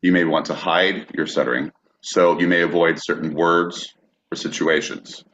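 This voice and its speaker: A man's voice: deep voice, little pitch movement, normal speed, fairly bright tone, lo-fi sound, a little hiss or hum. A man co-hosting a podcast, reading a prepared text steadily and now and then stumbling on a word. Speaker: podcast co-host.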